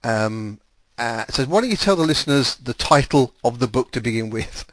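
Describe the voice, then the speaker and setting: A man's voice: medium pitch, lively intonation, normal speed, no echo. A man hosting a podcast, chatting casually with lots of ums and restarts. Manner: rambling, with many fillers and restarts. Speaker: podcast host.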